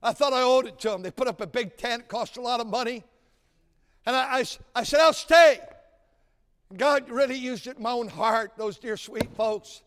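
A man preaching a sermon, telling folksy stories and building to shouted exhortation. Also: extremely high pitch, fairly quick. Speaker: pastor. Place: large church sanctuary. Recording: church sanctuary with long reverb.

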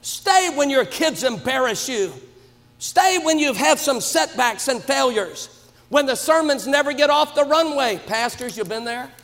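Shouting high-voiced preacher in a reverberant church. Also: male voice, expressive, a little slow. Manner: emphatic, swings to shouts. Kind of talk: sermon. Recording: long reverb of a church hall.

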